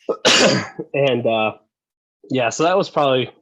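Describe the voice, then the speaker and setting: A man telling stories as a podcast guest, animated and profane, acting out the voices he quotes and laughing as he goes. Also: mid-range voice, measured pace. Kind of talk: casual storytelling.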